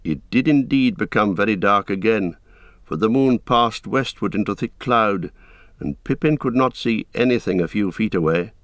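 Male narrator, low voice, measured delivery, dry close studio sound. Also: no room sound. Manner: measured, steady storytelling. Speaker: audiobook narrator. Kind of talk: scripted narration.

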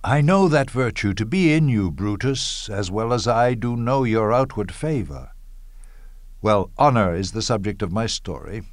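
Cassius, a man playing a slow, declamatory Roman schemer. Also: on the low side, lively intonation, no echo, studio quality. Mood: persuasive. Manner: measured, declamatory, with bursts of scorn. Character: scheming, bitter Roman nobleman persuading a friend. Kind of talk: Shakespearean verse drama reading.

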